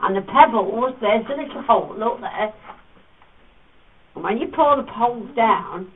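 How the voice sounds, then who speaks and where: This man's high, husky voice moves unhurriedly as he takes a tour group through a cave, teasing them with stories and acting out voices in a playful way. The audio feels remote and thin, much like a phone call.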